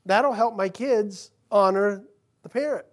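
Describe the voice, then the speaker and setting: A male pastor preaching a sermon in church, talking conversationally and swinging from loud emphasis to hushed, quiet passages. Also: high voice, a little slow.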